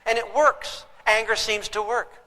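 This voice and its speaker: A man's voice: high-pitched, fairly even intonation, a little slow, pushed and bright, big-room sound, poor audio. A man teaching a parenting class to a live audience, emphatic and throwing questions at them.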